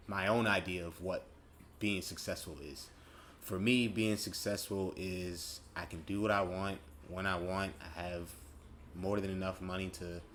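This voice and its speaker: Low-voiced with a fairly bright tone, this podcaster in his late twenties hosts his own program, thinking aloud in a loose, reflective ramble full of self-corrections. A bit of hiss or hum sits under the recording.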